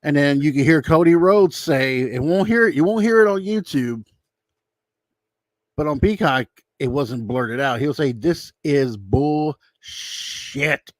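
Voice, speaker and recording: A man's voice: fairly high pitch, expressive, a little slow, dry recording, clean studio sound. A man giving a casual, rambling spoken recap with his opinions, acting out quotes as he tells them. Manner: loose, rambling retelling, acts out quotes. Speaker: YouTube commentator.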